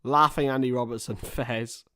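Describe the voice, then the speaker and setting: A man's voice: mid-range voice, steady tone, normal speed, sharp tone. A man giving casual, chatty live commentary on a football match while talking to his viewers. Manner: chatty, reacts to viewer chat between play-by-play.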